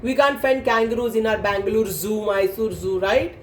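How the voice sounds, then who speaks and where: A woman telling a story to children in an animated way, stopping to explain things. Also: mid-range voice, normal speed. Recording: echoey room, faint noise.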